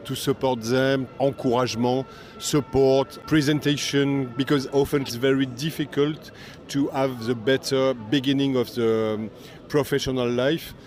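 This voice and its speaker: An older man who speaks English as a second language with a French accent. As a festival director being interviewed, he pauses often to search for words. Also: mid-range voice, darkish tone.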